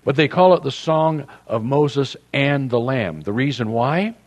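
A man's voice: medium pitch, animated, a little slow. A man preaching a sermon as a pastor, in a conversational, joking storytelling manner.

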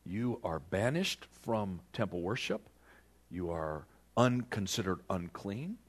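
A man preaching a sermon, retelling a scripture story with animated storytelling and questions put to the listeners. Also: deep voice, takes it slowly. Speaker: pastor.

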